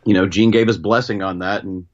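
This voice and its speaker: A man calling in as a guest musician, talking in a relaxed, easygoing way with a lot of hedging. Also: on the low side, brisk. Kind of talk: casual interview chat. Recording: dull phone-line call.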